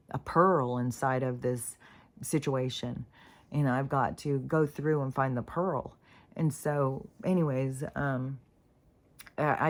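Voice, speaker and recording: Low-voiced woman rambling about spirituality. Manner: meandering, many fillers and restarts, frequent swearing. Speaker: spiritual vlogger. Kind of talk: rambling casual monologue.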